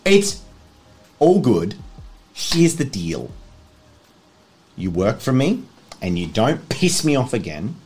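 A man voicing a sinister male crime boss who talks in a soft, low, coaxing way in a tabletop game. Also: sing-song, slow, pauses often, faint music behind. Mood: smug.

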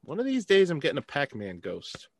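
A man hosting a podcast interview, upbeat and quick to chuckle as he works through numbered questions. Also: a little high, huge pitch swings, creaky. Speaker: podcast host. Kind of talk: casual interview.

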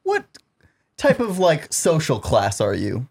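A woman's voice: sits low, huge pitch swings, slow, a little mellow, breathy edge. A woman asking questions in a party guessing game, amused and drawling. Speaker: player in a spy guessing game. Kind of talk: casual chat.

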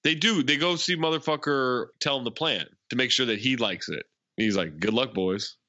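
A man co-hosting a podcast, retelling film scenes in an animated way, full of "like" and laughter. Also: medium pitch, moderate pace, dry recording, lo-fi sound. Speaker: podcast co-host. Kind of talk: casual movie recap chat.

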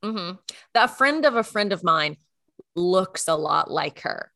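Bright, lively young woman chatting. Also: fairly low pitch, measured pace, creaky, dry recording, clean studio sound. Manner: chatty, acts out quotes. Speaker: podcast co-host. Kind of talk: casual chat.

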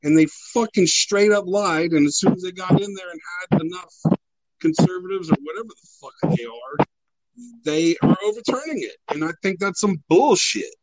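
A man's voice: sits high, animated, normal speed, low-quality recording. A man co-hosting a casual podcast chat, rambling and profane, with a sarcastic edge.

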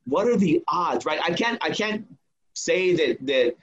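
A man with a husky, slightly breathy voice tells a personal story in a casual, animated way. He slips into each person's lines as he quotes them. The recording sounds a little dull and lo-fi. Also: fairly high pitch, a little slow. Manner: animated, acts out quoted dialogue. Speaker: guest telling a personal story.

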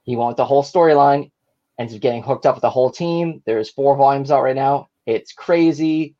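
A slightly tipsy man co-hosting a podcast over a video call, excitedly rambling through plot summaries in casual chat. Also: mid-range voice, a little fast, dull audio. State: a little tipsy. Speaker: podcast co-host.

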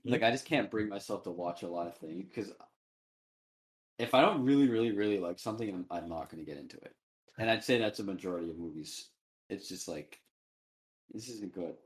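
A young man from New England in casual chat, rambling and animated, full of fillers. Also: low-pitched, brisk.

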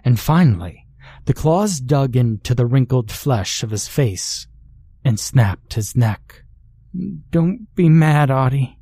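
A man reading a horror story aloud as scripted narration, measured and deliberate. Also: mid-range voice, animated, dark tone, husky, no room sound.

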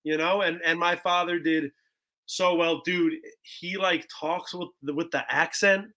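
A man in his twenties, a guest musician in a casual podcast chat, talking excitably and filling his speech with "bro" and "like". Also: a little high, a little slow, a little hiss or hum. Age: 20s.

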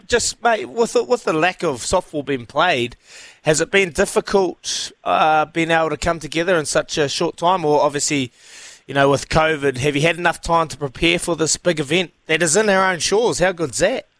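A man's voice: on the high side, moderate pace, a bit bright, dry recording. A man hosting a casual radio sports show, laid-back and chatty.

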